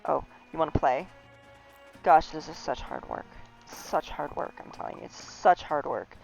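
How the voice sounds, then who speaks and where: A woman's voice: low voice, normal speed, gravelly, darkish tone. A woman game streamer giving chatty, rambling, giggly commentary live. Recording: slightly dull stream audio with faint game music.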